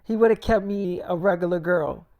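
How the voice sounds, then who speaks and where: Woman doing young werewolf wife, stubborn, low and soft, talking back. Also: moderate pace, lightly acted. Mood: insistent. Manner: stubborn, quieter, talks back.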